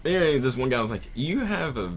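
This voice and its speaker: A man's voice: medium pitch, sing-song, quick pace, a little hiss or hum. A young man with a Southern US accent, telling stories in a laid-back way over casual gaming commentary and swearing freely. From Southern United States. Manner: laid-back storytelling, swears freely, retells others' lines. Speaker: let's play commentator.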